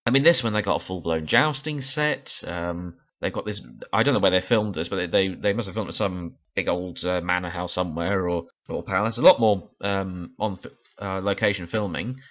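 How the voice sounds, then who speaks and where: Tired guy rambling thru an unscripted review, lowish voice, lots of laughs and restarts, kinda dull lo-fi sound. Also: moderate pace, a bit bright. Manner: chatty, rambling, frequent laughs and self-corrections. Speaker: TV series reviewer. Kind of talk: casual unscripted review monologue.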